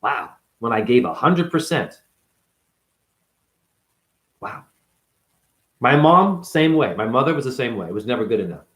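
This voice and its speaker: A man's voice: mid-range voice, lively intonation, measured pace, long pauses, fairly bright tone, roomy sound, rough recording. A man, a former ballet dancer, delivering an unscripted, blunt and profane monologue in his apartment.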